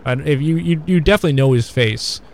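A man in casual conversation about old films, talking in a halting, rambling way with many fillers and restarts. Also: fairly high pitch, gravelly, noisy background. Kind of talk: casual film discussion.

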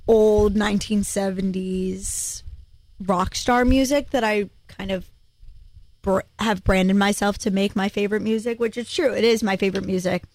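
A woman's voice: medium pitch, fairly even intonation, moderate pace, darkish tone, dry recording. A young woman co-hosting a radio music show in a studio, chatty and playful. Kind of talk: casual radio chat. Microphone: studio microphone.

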